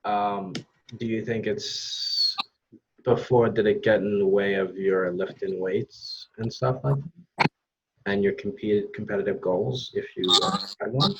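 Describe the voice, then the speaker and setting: A man interviewing a guest, asking relaxed, easygoing questions. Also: fairly low pitch, unhurried, highs cut off, slight background noise. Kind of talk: casual interview.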